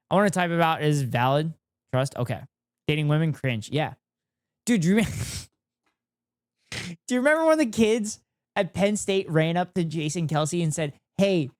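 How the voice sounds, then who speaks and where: A man's voice: fairly high pitch, dry recording, clean studio sound. A young man streaming, chatting casually and ranting with heavy swearing and sarcasm. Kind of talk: casual stream chat, reacting and reading chat.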